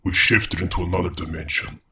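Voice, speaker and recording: A man's voice: low-pitched, fairly even intonation, a little fast, sharp tone, a little hiss or hum. A man voicing an erratic, vengeful male scientist in a horror audio story, using a put-on British accent. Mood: grave. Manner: grave, erratic, swings to frantic outbursts.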